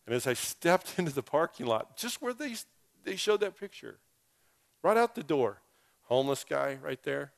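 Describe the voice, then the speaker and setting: A man's voice: a little high, very animated, moderate pace, vocal fry. A male pastor preaching a sermon through a personal story, with humorous, self-deprecating asides.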